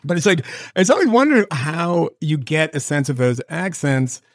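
A man's voice: on the high side, expressive, no echo, clean studio sound. A man co-hosting a podcast from a home video setup, rambling and joking in casual chat and swearing now and then. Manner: rambling, jokey, swears, does quick mock voices. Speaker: podcast co-host.

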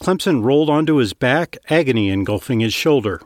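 A man reading scripted fiction narration in a steady, even storytelling manner, close to the mic. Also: medium pitch, brisk, no echo.

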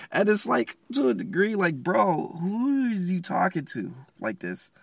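A man's voice: high-pitched, big pitch swings, measured pace, vocal fry, hardly any pauses, no room sound, studio quality. A man hosting a podcast, giving a casual, rambling devotional talk full of slang and restarts. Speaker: podcast host.

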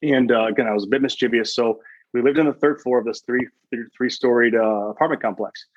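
A man's voice: mid-range voice, fast talker, breathy edge, dry recording, highs cut off. A man speaking as a guest chaplain in a podcast interview, telling stories earnestly, quoting his own thoughts and often restarting his sentences.

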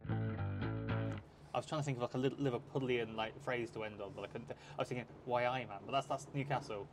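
A man's voice: medium pitch, very animated, a little fast, gravelly, music in the background. A man co-hosting a podcast in casual chat, hesitant and self-deprecating. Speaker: podcast co-host.

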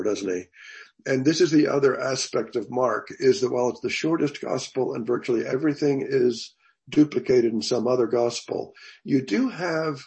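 An older man teaching a Bible class in a thoughtful, conversational way, pausing and restarting as he goes. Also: mid-range voice, vocal fry, warm tone.

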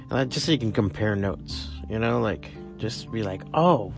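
A man's voice: fairly low pitch, normal speed, vocal fry, music in the background. A man hosting a podcast on his own, talking in a rambling, profane, casual way with lots of fillers. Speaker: podcast host. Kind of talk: casual solo monologue.

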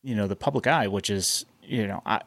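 A man co-hosting a sports podcast who thinks out loud in a casual, hesitant way, with many fillers. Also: on the low side, fairly quick, no echo. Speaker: podcast co-host.

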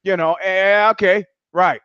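Man putting on a fussy scolding landlady, flustered, raised pitch, dull dry lo-fi sound. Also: steady tone, a little slow, a bit bright, clean tone, dry recording. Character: exasperated fussy landlady, middle-aged woman.

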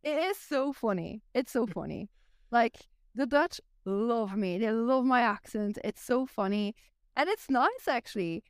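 A young woman with a Flemish accent talks in an easy, chatty way and leans on "like" as she goes. Her voice sits a little high. The sound is dry and close. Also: lively intonation, measured pace, smooth, no room sound. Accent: Flemish Belgian. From Belgium. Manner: chatty, says "like" a lot. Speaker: guest. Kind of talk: casual podcast chat.

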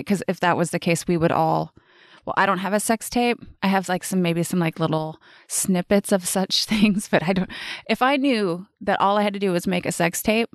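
A woman in her forties hosts her own life-coaching podcast, speaking casually in a solo monologue that's blunt, animated, and full of swearing. Her voice is medium-pitched, and the recording is studio quality with no room sound.

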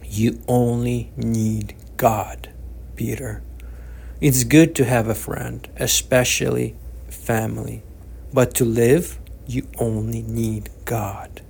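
A man voicing a kindly old man who speaks gently and slowly, reassuring and calm, in an audiobook reading. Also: medium pitch, gravelly, breathy edge, full character voice. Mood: gentle, reassuring.

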